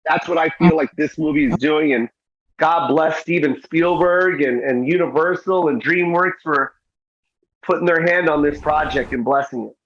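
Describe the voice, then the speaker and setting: A man's voice: on the high side, moderate pace, a bit bright, slight background noise. Earnest middle-aged man, muffled audio. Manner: earnest, repeats "you know what I mean". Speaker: guest comedian and actor. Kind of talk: interview conversation.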